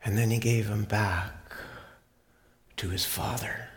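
A man's voice: on the low side, steady tone, slow pace. A man preacher retelling a Bible story dramatically, sometimes dropping to a whisper.

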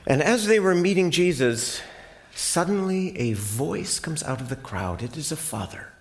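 A man's voice: on the high side, lively intonation, a little slow. A man preacher retelling a Bible story dramatically, sometimes dropping to a whisper.

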